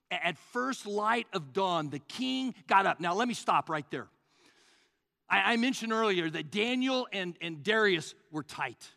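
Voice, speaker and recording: A male pastor preaching a sermon, swinging between loud, rising passages and hushed, low asides. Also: gravelly, in a large hall.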